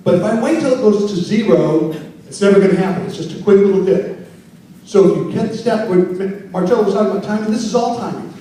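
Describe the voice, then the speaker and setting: High-voiced man teaching in an echoey hall. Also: fast talker, dark tone, slight background noise. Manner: playful, teases the audience. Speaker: wedding emcee teaching a workshop. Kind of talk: live seminar talk to an audience. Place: conference room. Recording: very echoey hall, mic far off.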